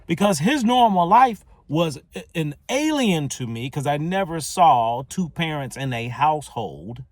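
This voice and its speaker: A man's voice: on the high side, unhurried, dry recording. Casual storytelling man, dry sound. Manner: casual, conversational, animated retelling. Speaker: podcast host. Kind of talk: solo podcast storytelling.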